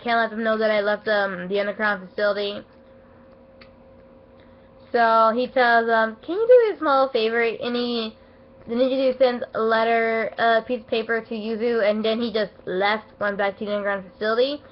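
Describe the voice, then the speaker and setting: A woman with a fairly high voice reviews an anime episode at a moderate pace, rambling casually and getting emotional and excitable, with lots of fillers and restarts. She's feeling unwell, so her voice isn't at its best, and the home recording sounds dull and lo-fi.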